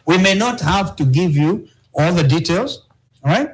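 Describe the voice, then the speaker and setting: A man's voice: high voice, expressive, normal speed, low-quality recording. A man with a Kenyan accent, an opposition politician answering interview questions emphatically, repeating key phrases and checking in with "all right?".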